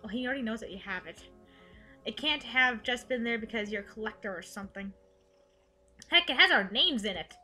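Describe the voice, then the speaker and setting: A woman narrates a visual novel in a lively, joking way, with a high voice. Her tone is bright and clear, and faint game music plays behind her. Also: fairly quick. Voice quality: animated, joking. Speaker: let's play host. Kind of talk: casual chat while narrating a game.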